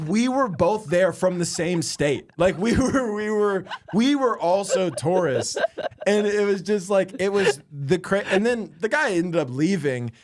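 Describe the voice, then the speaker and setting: A young man, a stand-up comic co-hosting a podcast, telling a story in lively bursts and laughing as he goes. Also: high-pitched, unhurried, a little hiss or hum. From Florida. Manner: animated storyteller, laughs mid-sentence. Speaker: stand-up comedian and podcast co-host. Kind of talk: casual podcast chat.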